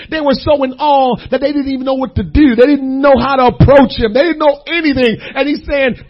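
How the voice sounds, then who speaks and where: A man preaching a sermon, dropping to a hush and then rising to shouts, repeating phrases for weight. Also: high voice, normal speed, breathy edge, dull audio. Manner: swings between hushed and shouting, repeats phrases.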